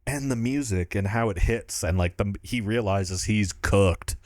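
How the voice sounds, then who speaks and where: A man's voice: lowish voice, a little slow, no room sound, studio quality. A man co-hosting a film podcast, talking casually and enthusiastically, rambling and laughing often. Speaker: podcast co-host.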